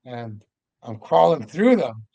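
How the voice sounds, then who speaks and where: An older man from Vancouver Island, Canada, a podcast guest telling his stories in a lively way and acting out the dialogue. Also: mid-range voice, takes it slowly, vocal fry, dry recording, highs cut off. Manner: lively storyteller who acts out the dialogue. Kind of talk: casual storytelling.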